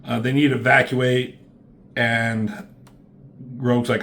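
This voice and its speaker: A man of middle pitch talks through a comic book plot in a loose, rambling way. He curses freely and keeps his tone offhand, like a casual reviewer chatting to his viewers. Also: flat delivery, slow, fairly bright tone, slight background noise.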